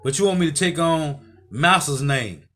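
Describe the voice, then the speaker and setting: A man's voice: a little high, moderate pace, bright, forceful tone, soft background music. Preaching man ending phrases with "man". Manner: ends phrases with "man", quotes scripture. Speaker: host. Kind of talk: preaching commentary.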